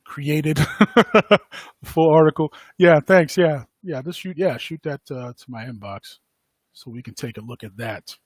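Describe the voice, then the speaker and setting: A man's voice: fairly high pitch, unhurried, no room sound. A man hosting a podcast, talking casually and rambling, with lots of fillers and frequent laughs. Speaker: podcast host. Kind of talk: casual livestream commentary.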